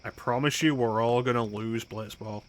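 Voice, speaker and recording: A man's voice: medium pitch, fairly even intonation, moderate pace, slight background noise. A man streaming a video game, making sarcastic, crude jokes in casual commentary.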